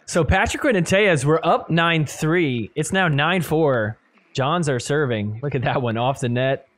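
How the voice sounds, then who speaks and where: A man hosting a podcast, giving animated play-by-play commentary over match replays and laughing often. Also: fairly high pitch, unhurried. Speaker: podcast host. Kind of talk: excited sports recap commentary.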